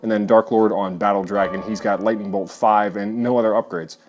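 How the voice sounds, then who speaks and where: A man's voice: on the low side, steady tone, brisk, a little mellow, dull audio. Matter-of-fact guy explaining his army. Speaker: co-host. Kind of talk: casual tabletop game chat. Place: basement.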